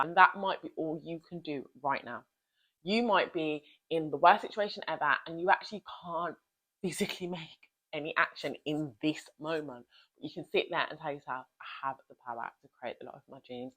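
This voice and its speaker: Woman, slightly low voice, emphatic motivational vlog talk. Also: fairly bright tone. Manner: emphatic and blunt, with pep-talk asides to the listener. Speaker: self-help vlogger.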